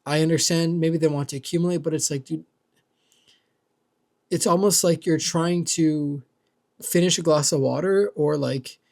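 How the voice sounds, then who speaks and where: A young man delivers a loose, meandering rant and swears freely as he goes. His voice sits a little high and has a gravelly fry to it. He keeps filling gaps with "like" and "dude". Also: darkish tone. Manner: rambling, profane, heavy use of "like" and "dude". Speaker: vlogger. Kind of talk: casual rant.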